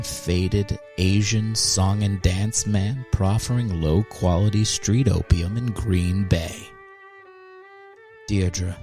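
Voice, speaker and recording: A man's voice: on the low side, warm tone. A man voicing a grandiose, lovelorn old-time male quarterback who speaks in flowery, archaic, melodramatic phrases, as a comedy bit.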